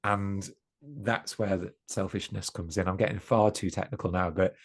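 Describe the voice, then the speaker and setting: This East Midlands man, a guest on a podcast, has a low, husky voice with a steady tone and moderate pace. Talking casually, he is earnest and reflective, often breaking off to restart or self-correct.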